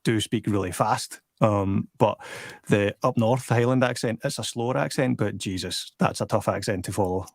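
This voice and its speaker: A man's voice: lowish voice, moderate pace, gravelly, dry recording, clean studio sound. A man with a Glaswegian accent, chatting casually as a podcast host, rambling with lots of fillers. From Scotland. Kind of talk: casual chat.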